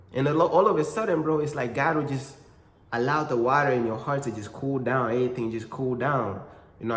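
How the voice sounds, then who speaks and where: A man giving a casual faith talk, full of slang, calling the listener "bro" again and again. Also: mid-range voice. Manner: slangy, repeats "bro" and "you know what I'm saying". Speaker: Christian content creator. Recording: echoey room with long reverb.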